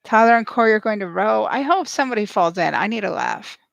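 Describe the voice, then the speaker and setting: A woman giving snarky, excitable live reaction commentary as she watches a show and cheers at the screen. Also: medium pitch, quick pace, gravelly, no echo. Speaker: show recap host.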